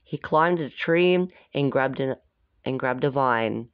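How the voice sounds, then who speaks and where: A woman's voice: extremely low pitch, takes it slowly, smooth, no echo. A woman casually reading a storybook aloud, stopping to chat and comment on the pictures. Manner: chatty, stops to comment on the pictures. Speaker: storybook reader. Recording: dull, dry lo-fi recording.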